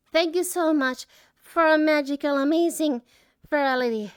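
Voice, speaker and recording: A woman giving an emotional personal reflection as an artist. She is choked up and holds back tears, talking haltingly with many restarts and trailing phrases. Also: sits high, expressive, dry recording, clean studio sound.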